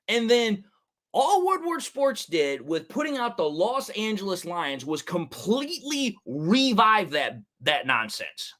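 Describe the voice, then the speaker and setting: Animated high-voiced man ranting about sports. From Detroit area. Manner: animated, heated, repeats "it's like, dude". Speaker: sports talk show host.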